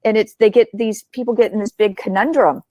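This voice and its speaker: A woman's voice: mid-range voice, steady tone, a little fast, mellow, no echo, muffled recording. A woman hosting an interview over a video call, speaking in an emphatic, plainspoken way. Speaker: association CEO and host. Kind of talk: casual interview chat.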